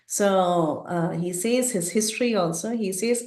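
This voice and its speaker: Woman telling an animated story. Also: medium pitch, unhurried, hardly any pauses, roomy sound. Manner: animated retelling with frequent fillers. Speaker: teacher. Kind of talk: storytelling lecture.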